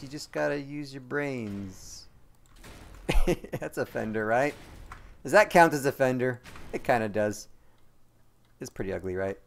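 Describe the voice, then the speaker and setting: A man streaming a game live, chatting and rambling to his viewers, joking and quick to apologize. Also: medium pitch. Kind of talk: live gameplay commentary to chat.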